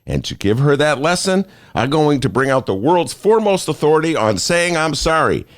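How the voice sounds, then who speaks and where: A man's voice: on the high side, sing-song, normal speed, no echo. A man hosting a talk show in a studio, joking and self-mocking in a playful monologue. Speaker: host.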